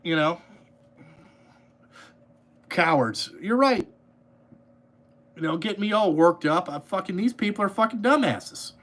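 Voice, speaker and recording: A man's voice: high-pitched, lively intonation, unhurried, long pauses, a bit bright. A man ranting angrily into his podcast mic, swearing constantly and rambling with repeated fillers. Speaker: podcast host, trucking business owner. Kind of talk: profane ranting monologue.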